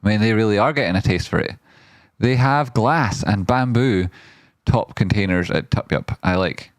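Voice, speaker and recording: A man hosting a live trading stream, riffing playfully in rambling chat and often jumping into a high silly voice. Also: moderate pace, no room sound. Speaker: trading livestream host.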